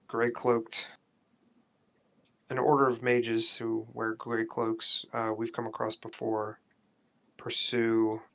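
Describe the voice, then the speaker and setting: A man's voice: medium pitch, creaky, a bit bright. A man playing his character in a tabletop game, speaking hesitantly with fillers and restarts. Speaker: player. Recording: dull lo-fi mic.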